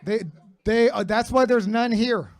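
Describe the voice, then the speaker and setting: Man, 30s, stand-up comedian, high voice, brash, profane, crowd banter. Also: fairly even intonation, measured pace. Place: comedy club stage with live audience.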